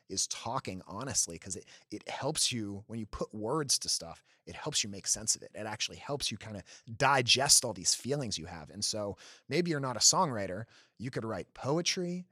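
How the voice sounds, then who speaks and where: A man's voice: fairly low pitch, sharp tone, slightly rough, no room sound, studio quality. A man hosting a podcast, talking earnestly in a casual faith conversation, restarting often and laughing easily. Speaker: podcast host.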